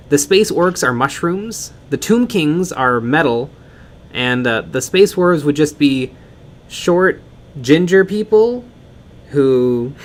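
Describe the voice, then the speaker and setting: Rambling joking man on a painting stream. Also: fairly high pitch. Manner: rambling, joking, with fillers and restarts. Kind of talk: casual chat while painting, reading chat comments.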